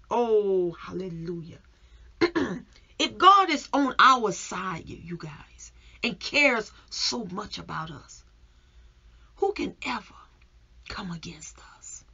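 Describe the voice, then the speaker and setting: Casting note: woman minister, slow and deliberate, husky voice, dull lo-fi recording, fervent sermon delivery dipping into whispers. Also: medium pitch, big pitch swings. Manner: fervent, swings between raised exclamations and hushed whispers. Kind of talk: devotional sermon.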